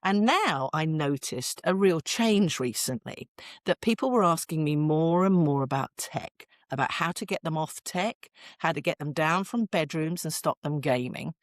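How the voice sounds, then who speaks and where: A middle-aged British woman, a parenting expert guest on a podcast interview, telling stories in an animated, expressive way and laughing often. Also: deep voice, normal speed, no echo, studio quality.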